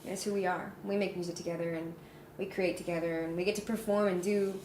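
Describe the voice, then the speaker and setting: A woman's voice: fairly low pitch, fairly even intonation, fast talker, background noise. American woman musician, earnest and thoughtful, echoey room. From United States. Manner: earnest, reflective. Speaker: musician guest. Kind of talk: casual interview chat. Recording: roomy room.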